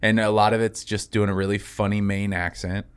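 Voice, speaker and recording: A man's voice: on the low side, a little fast, smooth. A young man co-hosting a comedy podcast, joking crudely in casual chat. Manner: crude, joking, animated storyteller.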